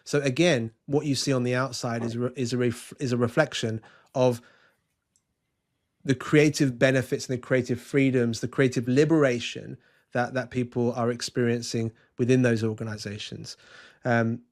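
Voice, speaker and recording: A man's voice: mid-range voice, fairly even intonation, normal speed, a little mellow. A man, a podcast guest talking earnestly and telling an anecdote, with frequent restarts. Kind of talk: conversational interview, storytelling.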